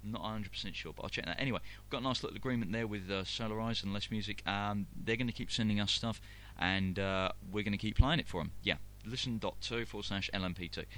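A lower-voiced man with a London accent chats casually as the host of a live internet radio show. He rambles and restarts his sentences and fills the pauses with ums and uhs. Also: fairly bright tone, a little hiss or hum. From London, England. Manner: rambling, many fillers and restarts.

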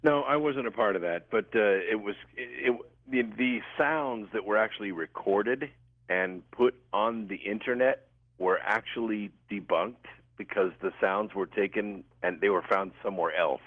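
A male radio guest calmly explaining things over the phone. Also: on the low side, moderate pace, no echo. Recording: tinny phone line.

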